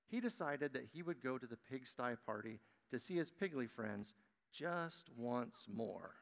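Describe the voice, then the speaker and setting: A man leads a children's message, telling a picture-book story in a lively, friendly way. His voice sits in an ordinary middle pitch and rings out through the long reverb of a church sanctuary. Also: a little slow, creaky. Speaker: pastor giving children's message. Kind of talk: children's sermon and storybook reading.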